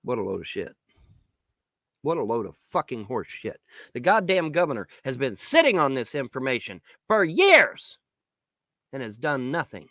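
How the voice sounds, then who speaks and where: A man ranting at the camera in a vlog, swearing constantly, taunting his critics and shouting in bursts. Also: mid-range voice, big pitch swings, moderate pace, no room sound. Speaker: vlogger. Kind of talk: angry profane rant to camera.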